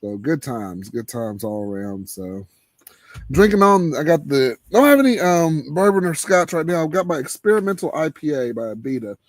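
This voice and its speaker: A man hosting a live cigar show in casual chat, laid-back and laughing, trailing off into low murmurs. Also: animated, moderate pace, dry recording.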